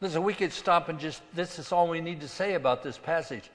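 A man preaching a sermon as pastor, swinging between loud emphasis and quiet asides. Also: a little high, a little fast, long reverb tail.

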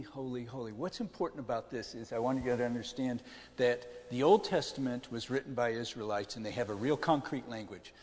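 A man delivers a sermon in an easy, conversational way, often turning to his listeners with questions. His voice sits in an ordinary middle range. A long reverb trails each phrase, as if he is speaking in a large church hall. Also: mid-range voice. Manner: conversational preaching, asks the audience questions. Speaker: pastor.

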